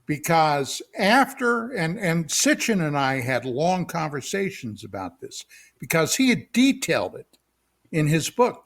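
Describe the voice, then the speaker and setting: A man's voice: on the high side, a bit bright. A man co-hosting a talk radio show, telling a spooky story in a dramatic way and adding asides to the listener, with hiccups. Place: radio studio.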